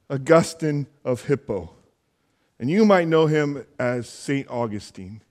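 A male pastor preaching a sermon in a conversational, earnest way, with frequent fillers, dropping to a hushed voice when praying. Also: medium pitch, lively intonation, unhurried. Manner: soft hushed prayer voice.

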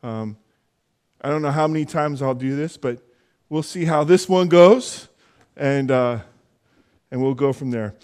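A male pastor preaching a sermon in a conversational, earnest way, with frequent fillers, dropping to a hushed voice when praying. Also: mid-range voice, measured pace, long pauses, clear, resonant tone. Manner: soft hushed prayer voice.

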